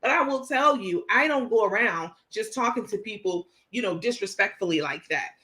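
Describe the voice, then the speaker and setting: A woman's voice: medium pitch, animated, moderate pace, sharp tone. A woman with a New York accent hosting a livestream, talking emphatically and indignantly while reading messages aloud. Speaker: host. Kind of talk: livestream commentary.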